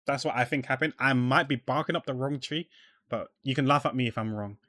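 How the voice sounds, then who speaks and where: A man's voice: mid-range voice, fairly even intonation, a little fast, no echo, clean studio sound. Rambling male gamer thinking aloud. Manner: rambling, many fillers and restarts, trails off quietly. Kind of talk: casual gameplay commentary.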